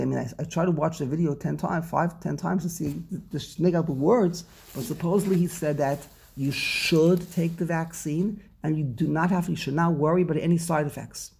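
A man's voice: on the high side, gravelly, mellow, breathy edge. A man teaching a religious text study class, rambling and often repeating words and restarting his sentences.

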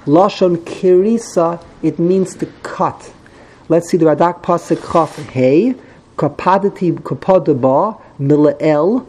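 Guy teaching torah class, mellow voice, bit of hiss behind him. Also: a little high, takes it slowly, rough recording. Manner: explains grammar patiently, repeats words, mixes in Hebrew terms. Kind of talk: classroom text study.

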